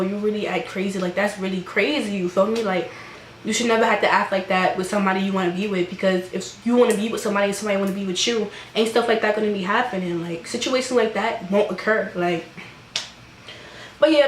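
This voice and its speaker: A young woman at a mid pitch chats through a storytime vlog, peppering every line with "like" and laughing at herself. She acts out the voices of the people in her story. Her voice rings in an echoey room over a faint hum of background noise. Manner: chatty, fillers of "like", laughs at herself, acts out the quoted lines. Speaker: vlogger telling a personal story. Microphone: camera microphone.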